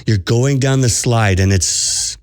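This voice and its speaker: A man's voice: mid-range voice, slow pace, no echo. Earnest man preaching, dry close sound. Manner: earnest, urgent, repeats phrases for emphasis. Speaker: podcast host and spiritual coach. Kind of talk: preached monologue to listeners.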